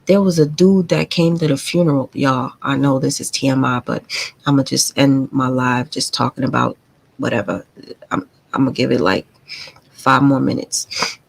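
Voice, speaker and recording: A woman's voice: very deep voice, moderate pace, creaky, slightly rough, low-quality recording. A woman hosting a live stream, telling a painful family story in a candid, confiding and profane way. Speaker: livestream host.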